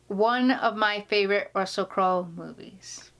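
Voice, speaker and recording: A woman's voice: mid-range voice, takes it slowly, pauses often, fairly bright tone, clean tone. A woman vlogger talking casually to camera, gushing and rambling, sometimes dropping to a whisper.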